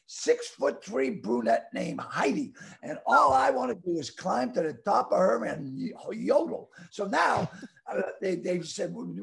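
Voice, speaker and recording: A man in his sixties telling a story loudly and crudely, with lots of animated outbursts. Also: high voice, creaky. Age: 60s. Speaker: guest comedian. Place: home.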